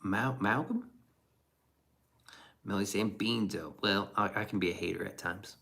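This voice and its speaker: A man's voice: on the low side, measured pace, creaky, fairly bright tone. A man streaming casually and reacting to chat, rambling and profane with chuckling asides.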